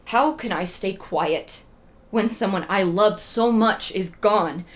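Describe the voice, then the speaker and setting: A woman voicing a furious, grief-stricken legendary king, with loud shouted threats and a mournful lament. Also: mid-range voice, slow pace, lightly acted. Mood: grieving. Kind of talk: casual storytelling with acted quotes.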